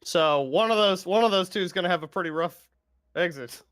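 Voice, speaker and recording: A man's voice: sits high, brisk, a bit bright, smooth, no room sound, studio quality. A man playing a tabletop game who chats casually and reads out rules. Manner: chatty, rereads rules aloud. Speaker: player.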